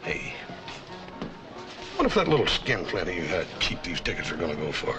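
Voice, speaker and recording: An actor playing a good-natured older rancher brother who talks in a hesitant, stammering, bluff way. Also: male voice, sits low, huge pitch swings, moderate pace, music in the background.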